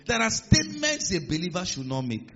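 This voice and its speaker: A male pastor preaching a sermon in a large church hall, emphatic and building to loud declarations. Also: high voice, sing-song, brisk, soft background music. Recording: muffled sound with long hall reverb.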